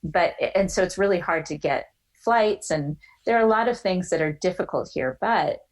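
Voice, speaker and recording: A woman in her forties telling a personal story as a podcast guest, animated and quick to act out the voices of others. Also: on the low side, low-quality recording.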